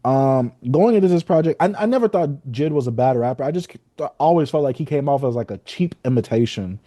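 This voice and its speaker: Dark-voiced man giving laid-back hot takes. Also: mid-range voice, lively intonation, dry recording, clean studio sound. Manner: laid-back, opinionated, drawn-out fillers. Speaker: podcast co-host. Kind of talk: casual podcast chat.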